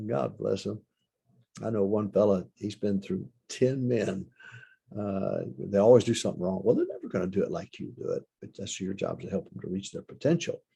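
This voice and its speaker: Older male preacher, husky and mellow, folksy teaching style that drives points home by repeating them. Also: deep voice. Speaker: pastor. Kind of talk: leadership teaching talk.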